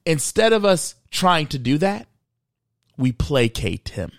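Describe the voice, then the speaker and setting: A man's voice: fairly high pitch, very animated, takes it slowly, creaky, dry recording, studio quality. A man hosting a faith podcast, speaking earnestly and emotionally, choked up, building into a preachy delivery. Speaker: podcast host.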